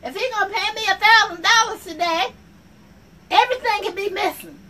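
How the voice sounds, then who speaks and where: Sassy high-voiced woman, far from mic. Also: a little fast, pushed and bright, slight background noise. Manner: sassy, repetitive, addresses the audience directly. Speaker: comedy sketch performer. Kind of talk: comic monologue in character as an office worker. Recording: voice from far off the mic, faint ambience.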